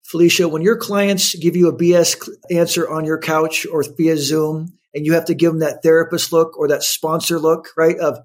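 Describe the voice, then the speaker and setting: A man in his fifties with a slightly raised, husky voice tells a personal story with energy. He jumps into the voices of the people in it as he goes, shifting his delivery for each quote. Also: a little high, moderate pace, hardly any pauses. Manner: animated storyteller acting out quotes. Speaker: guest. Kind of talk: storytelling in an interview.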